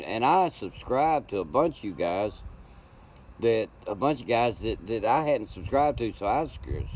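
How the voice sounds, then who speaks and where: An older man, chatting casually and rambling warmly with viewers on his home livestream. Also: mid-range voice, a little hiss or hum. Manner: folksy, rambling, greets chat by name. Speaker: livestream host.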